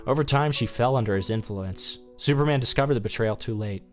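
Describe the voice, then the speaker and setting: A man's voice: mid-range voice, fairly quick, faint music behind. A male streamer reading a fan story aloud casually, with asides and restarts.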